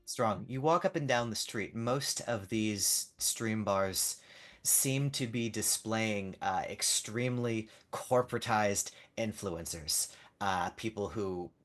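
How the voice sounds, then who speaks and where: A man's voice: on the low side, slow, fairly bright tone. A man running a tabletop game as game master, narrating casually with frequent fillers and swearing. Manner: casual, rambling, swears freely.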